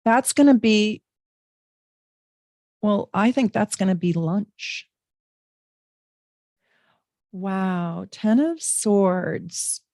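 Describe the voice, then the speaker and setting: Extremely slow and pausing often, a middle-aged woman with an expressive, medium-pitched voice livestreams a casual tarot and astrology reading from home. She chats warmly with her viewers and fills her talk with fillers. The sound is clean studio audio with no room sound.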